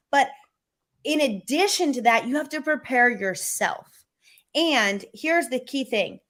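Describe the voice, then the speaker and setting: A middle-aged woman with a fairly high voice coaches on sales over a video call. She tells stories with energy and acts out the people she quotes. Her tone is animated and confident.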